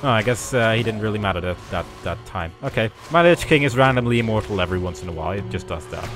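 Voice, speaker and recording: A man's voice: lowish voice, animated, quick pace, over music. A man commenting on his own gameplay in a chatty, rambling, self-mocking way, with plenty of fillers. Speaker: gaming video host. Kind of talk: let's play commentary.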